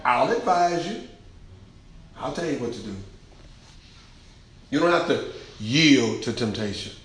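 A man's voice: medium pitch, animated, measured pace, fairly bright tone. A male pastor preaching a sermon, emphatic and colloquial, with lots of repetition. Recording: very echoey hall, faint noise.

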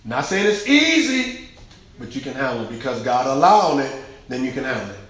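A man's voice: mid-range voice, sing-song, brisk, a bit bright. Echoey preaching man, emphatic and colloquial. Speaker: pastor. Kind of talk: sermon. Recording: very echoey hall, faint noise.

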